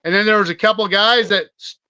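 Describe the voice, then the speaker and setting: A man's voice: high voice, steady tone, fast talker, sharp tone, clear, resonant tone, no echo. A man co-hosting a casual podcast, swearing freely as he tells rowdy stories. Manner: profane, storytelling, swears a lot. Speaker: podcast co-host.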